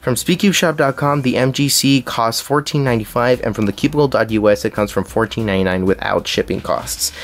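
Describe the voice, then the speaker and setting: Young man reading a cube review. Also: mid-range voice. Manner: reads from a script with small slips. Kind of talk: scripted review narration.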